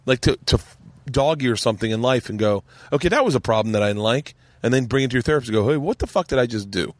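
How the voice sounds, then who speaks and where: A man hosting a casual podcast, telling stories with lively acted-out quotes and plenty of swearing. His voice sits at an ordinary pitch. The recording is dry and close, with no room sound. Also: no room sound. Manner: animated storyteller, acts out quotes, swears freely. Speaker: podcast host.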